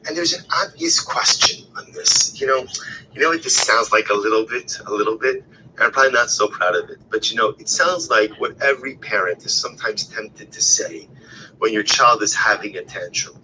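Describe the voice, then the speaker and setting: A man teaching a text-based Torah class, talking expressively, often repeating phrases and asking rhetorical questions, and sometimes dropping to a hushed whisper. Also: mid-range voice, brisk, a little hiss or hum, low-quality recording. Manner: expressive, shifts between loud emphasis and hushed whispers.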